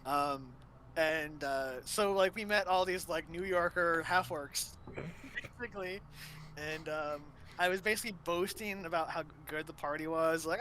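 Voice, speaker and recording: Bright-voiced man telling game stories. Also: high voice, normal speed, a little hiss or hum. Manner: rambling storytelling with many fillers. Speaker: host. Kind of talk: casual chat.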